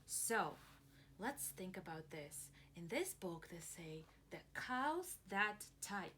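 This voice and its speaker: Preschool teacher lady reading to little kids, super animated sing-song voice, gentle, sometimes whispers. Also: lowish voice, takes it slowly, a little hiss or hum. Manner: gentle, talks to children with simple questions; drops to a whisper at times. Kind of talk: reading a picture book aloud to young children.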